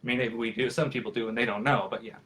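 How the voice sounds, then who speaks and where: A man in his thirties answers questions about puppetry over a video call, his voice sitting at an ordinary middle pitch. He talks in a loose, friendly ramble, full of fillers and restarted sentences. It sounds like an informal live chat rather than a prepared talk. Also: steady tone, rapid-fire, fairly bright tone. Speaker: professional puppeteer.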